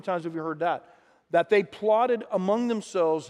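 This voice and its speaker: A man preaching a sermon, animated and often acting out quoted voices, with frequent restarts. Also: on the high side, moderate pace. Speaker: pastor. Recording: long hall reverb.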